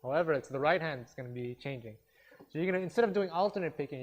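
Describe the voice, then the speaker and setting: A man with a somewhat high voice leads a guitar workshop, counting out beats and singing rhythm syllables to his students. His manner is relaxed and encouraging, and he pokes fun at himself. Guitar music rings clearly in the background. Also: rapid-fire, highs cut off. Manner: relaxed, encouraging, self-deprecating. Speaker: guitar teacher. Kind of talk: instructional workshop talk. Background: guitar playing.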